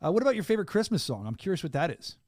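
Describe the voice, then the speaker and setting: A middle-aged man hosting a podcast, joking and animated in casual chat. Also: high-pitched, dry recording. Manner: animated, joking, fast-talking. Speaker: podcast host.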